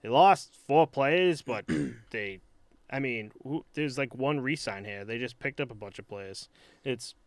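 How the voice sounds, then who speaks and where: A man's voice: medium pitch, a little slow, no room sound. A man co-hosting a podcast in casual sports chat, rambling and hesitant with frequent fillers and restarts. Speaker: podcast co-host.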